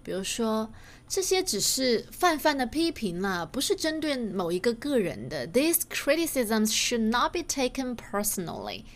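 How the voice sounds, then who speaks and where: A woman teaching English through sitcom clips, explaining clearly and reading English examples slowly. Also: fairly high pitch, very animated.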